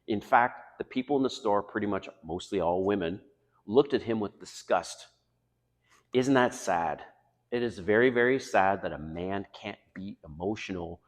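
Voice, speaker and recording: A middle-aged man giving dating advice in a casual monologue, blunt and confessional, swinging between loud emphatic stretches and quiet asides. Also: fairly low pitch, big-room sound.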